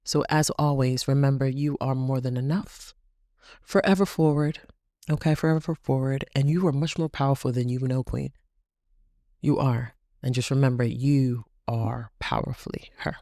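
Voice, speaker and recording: A woman's voice: extremely low pitch, brisk, mellow, dry recording, clean studio sound. A woman hosting a faith podcast, speaking straight to the listener in an emphatic, repetitive way. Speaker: podcast host. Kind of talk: inspirational faith podcast talk.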